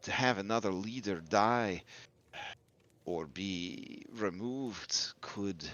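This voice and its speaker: A man voicing a grave, measured townswoman. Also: fairly low pitch, a bit bright, lo-fi sound. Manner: grave, deliberate warnings. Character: wary older woman innkeeper, sober and measured.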